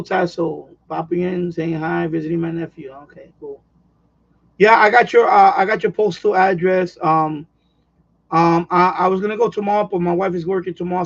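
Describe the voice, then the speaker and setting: A man hosting a radio hobby livestream, chatting casually with viewers in a rambling, excitable way with many restarts. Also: high-pitched, creaky, muffled recording. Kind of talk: casual livestream chat reading viewer comments.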